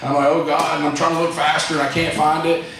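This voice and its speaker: A man's voice: a little high, little pitch movement, rapid-fire, fairly bright tone, a little hiss or hum. A man giving a rambling, folksy motivational talk to his staff as company president. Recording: echoey room, distant mic.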